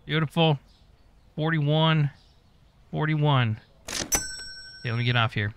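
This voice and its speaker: A man's voice: on the high side, takes it slowly, lo-fi sound, noisy background. A man giving casual gameplay commentary, muttering to himself as he goes and swearing often. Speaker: gaming YouTuber.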